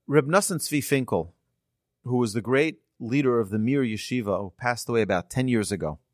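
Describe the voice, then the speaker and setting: A man's voice: mid-range voice, brisk, no echo, studio quality. A man giving an earnest sermon full of stories, his voice climbing for emphasis at key moments. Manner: earnest, animated storyteller with rising emphasis. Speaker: rabbi giving a talk. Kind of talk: sermon with storytelling.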